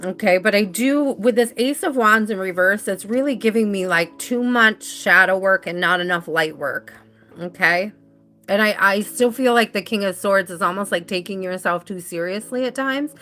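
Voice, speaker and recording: A woman's voice: medium pitch, normal speed, bright, forceful tone. A woman giving a live tarot reading in a chatty, rambling way, laughing easily as she talks. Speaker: tarot reader.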